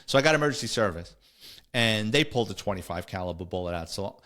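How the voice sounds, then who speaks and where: A man's voice: lowish voice, animated, fast, fairly bright tone. A man, a podcast host and former police officer, telling a war story in a blunt, streetwise, matter-of-fact way. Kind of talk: casual storytelling.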